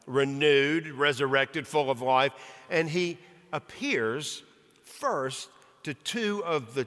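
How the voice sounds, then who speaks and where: A man's voice: medium pitch, sharp tone. A male pastor preaching an earnest sermon with rhythmic, emphatic lists. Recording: long reverb of a large hall.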